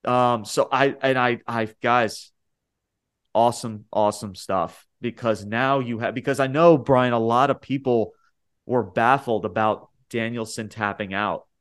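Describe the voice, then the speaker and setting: A man co-hosting a casual wrestling podcast, talking in an animated, rambling way that rises sharply when he gets worked up. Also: medium pitch, unhurried, clear, resonant tone. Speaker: podcast co-host.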